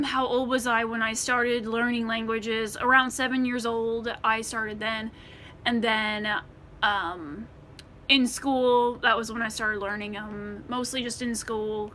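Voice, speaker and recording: Bright-voiced American woman vlogging. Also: on the high side, a little hiss or hum. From United States. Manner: rambling, many ums and restarts. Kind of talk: casual Q&A to camera.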